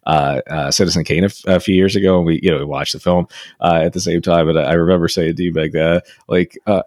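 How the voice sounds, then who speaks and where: A man's voice: deep voice, steady tone, fast talker, a little mellow, no echo, studio quality. A man co-hosting a podcast, talking casually about books with many fillers and restarts and frequent laughs. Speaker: podcast co-host. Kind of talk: casual literary discussion.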